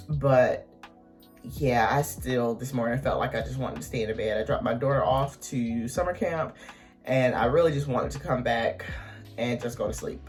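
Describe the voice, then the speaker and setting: Teary woman talking haltingly to camera. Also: very deep voice. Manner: hesitant, halting, many ums, emotional. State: on the verge of tears. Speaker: vlogger. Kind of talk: personal confessional vlog.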